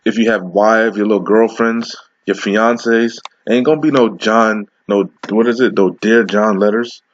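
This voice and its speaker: A man's voice: fairly low pitch, fairly even intonation, dull audio. Profane, confrontational man preaching scripture. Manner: confrontational, profane, repeats "okay?"; slows down to read verses aloud. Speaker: street preacher. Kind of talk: scripture reading with commentary.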